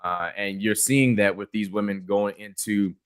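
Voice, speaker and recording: A man's voice: lowish voice, steady tone, normal speed, clean tone, no echo, studio quality. A man co-hosting a podcast, chatting casually about wrestling, rambling with many fillers and restarts. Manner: rambling, lots of fillers and restarts, laughs easily. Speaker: podcast co-host.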